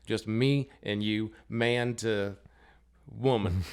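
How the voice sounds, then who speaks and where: A man's voice: on the low side, fairly even intonation, takes it slowly, clean tone. A man playing a tabletop game, chatting casually and laughing easily. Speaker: player.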